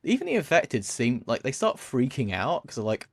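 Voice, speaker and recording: A man's voice: medium pitch, huge pitch swings, normal speed, breathy edge, no room sound. A man talking casually and at length about a film on a podcast, rambling with many fillers and restarts. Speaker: podcast co-host.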